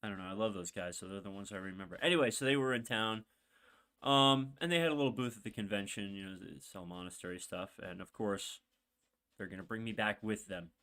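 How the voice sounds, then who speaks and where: Rambling low-voiced man telling a story. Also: a little fast, pushed and bright. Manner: rambling and candid, with many fillers and asides. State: emotional, holding back tears. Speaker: podcast host. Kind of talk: personal storytelling monologue.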